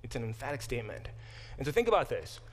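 Animated male Bible professor lecturing. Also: mid-range voice, quick pace. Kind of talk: classroom lecture. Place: classroom.

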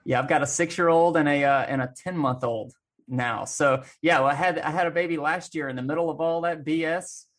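A man's voice: a little high, fairly quick, a bit bright. A man in his thirties with a Southern American accent, earnestly chatting on a stream panel. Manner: earnest, storytelling with quoted voices. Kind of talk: casual chat.

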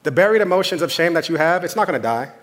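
A man's voice: fairly high pitch, lively intonation, racing, fairly bright tone. Man preaching with passionate repetition. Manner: conversational, impassioned preaching with repeated phrases. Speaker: pastor. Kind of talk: sermon.

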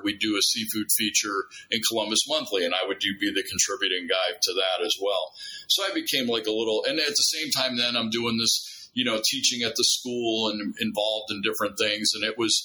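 A man's voice: lowish voice, a little hiss or hum, poor audio. A middle-aged man telling stories in a casual conversation, acting out dialogue with many restarts. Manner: animated storyteller, acts out dialogue, many restarts. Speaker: guest.

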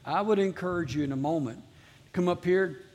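A man's voice: high voice, brisk, darkish tone, dull audio. A man preaching a sermon as pastor to a live congregation, earnestly repeating his exhortations.

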